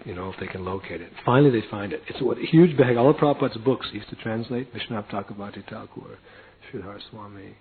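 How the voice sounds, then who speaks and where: A man with a husky voice telling a personal story in a lively way, acting out the other people in it. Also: fairly low pitch. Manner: acts out other people's lines in quick voices. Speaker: storyteller recounting a devotee memory. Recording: tinny phone-like lo-fi recording.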